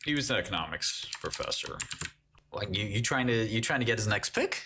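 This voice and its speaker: A man's voice: fairly low pitch, lively intonation, normal speed, a bit bright, slight background noise. A man in his forties hosting a casual livestream, joking with the chat and laughing often. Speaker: livestream host. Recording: keyboard typing clicks. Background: keyboard typing.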